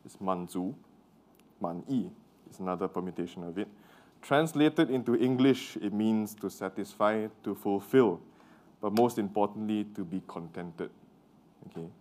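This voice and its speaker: Low-voiced man preaching a sermon, Mandarin native. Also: moderate pace, darkish tone. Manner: conversational, quizzes the congregation.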